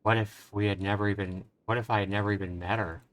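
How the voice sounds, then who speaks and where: A man's voice: fairly low pitch, fairly even intonation, quick pace, no echo. A male streamer commenting on a game live, speaking in an earnest, emotional way and giving reflective advice to his viewers.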